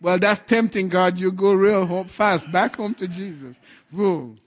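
High-pitched guy preaching a sermon, fired up, laughing between lines. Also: a little slow. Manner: fervent, rising to loud declarations, chuckling asides.

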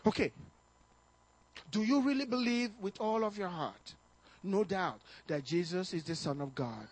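A male pastor preaching a fervent sermon to his congregation, exhorting them with bursts of shouting and chuckles. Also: high-pitched. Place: church service.

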